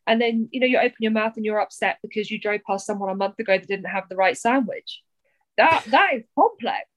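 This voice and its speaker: A woman's voice: medium pitch, brisk, dry recording. Chatty young woman, dry sound. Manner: animated, chatty, acts out quoted voices. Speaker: podcast guest, poet. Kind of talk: candid conversational chat.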